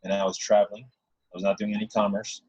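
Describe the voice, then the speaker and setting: Telling his own story as a guest, a man rambles earnestly and casually, frequently restarting and returning to earlier points. He talks fast in a level, low, husky, darkish voice, captured in a dry, dull, lo-fi recording with no echo.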